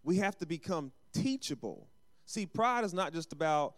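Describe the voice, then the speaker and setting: Lively, clear-voiced male preacher. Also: on the high side, moderate pace. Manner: call-and-response preaching with acted asides. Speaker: pastor. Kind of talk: sermon.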